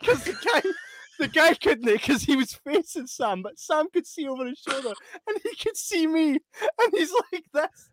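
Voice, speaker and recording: A man's voice: very high voice, moderate pace, dry recording. A Scottish man chatting casually and telling funny stories with lots of laughter and acted-out voices. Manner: animated, laughing storyteller. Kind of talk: casual chat and storytelling.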